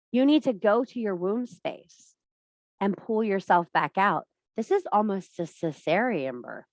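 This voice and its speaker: A woman's voice: on the high side, dry recording. A middle-aged woman leading a women's workshop over a video call, talking bluntly and emphatically with a lot of swearing. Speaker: women's circle leader. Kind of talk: casual workshop talk.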